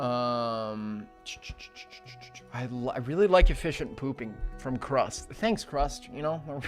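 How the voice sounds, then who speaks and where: A young man streaming casually as an animator, rambling with fillers and swinging from low mumbles to loud, excited yelps. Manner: rambling with many fillers and restarts. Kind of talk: casual livestream chat. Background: faint music.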